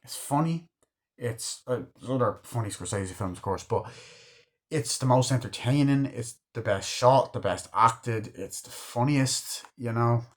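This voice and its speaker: A man's voice: mid-range voice, unhurried. Rambling, swearing man reviewing a film. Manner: rambling, enthusiastic, swears a lot. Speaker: movie reviewer. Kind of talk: casual film review chat.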